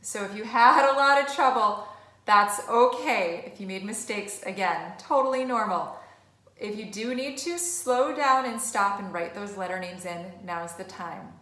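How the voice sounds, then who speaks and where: A woman's voice: medium pitch, measured pace, sharp tone. A woman music teacher giving an online lesson, encouraging and chatty. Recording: echoey room.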